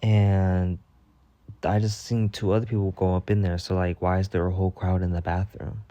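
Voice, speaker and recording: A man's voice: deep voice, little pitch movement, normal speed, warm tone, no room sound. A young man telling a mock-dramatic storytime rant in slangy, swear-filled casual talk. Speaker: storytime vlogger.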